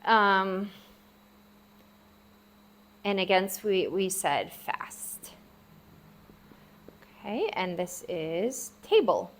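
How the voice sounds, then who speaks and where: A woman's voice: mid-range voice, lively intonation, very slow, pauses often. A woman teaching a language lesson, patiently sounding out each syllable several times while writing words out. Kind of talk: casual spoken lesson. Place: at a table, writing for the viewer.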